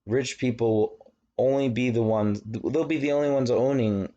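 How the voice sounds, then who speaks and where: A man's voice: medium pitch, moderate pace, warm tone, muffled recording. A man from Virginia teaching a recorded college lecture on government, chatty, with rambling asides and frequent fillers. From Virginia, United States.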